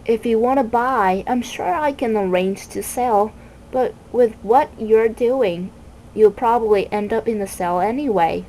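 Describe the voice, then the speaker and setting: Woman doing a nasty cackling male bird, haughty, mocking, slow drawl, storybook reading. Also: a little high, a little mellow, a little hiss or hum, close to an everyday voice, rough recording. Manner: mocking, wordplaying taunts.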